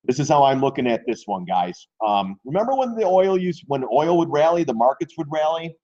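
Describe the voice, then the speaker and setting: A man giving a live stock chart analysis, blunt and excitable, with crude slang. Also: fairly high pitch, brisk. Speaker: stock trading streamer. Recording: dull lo-fi stream audio.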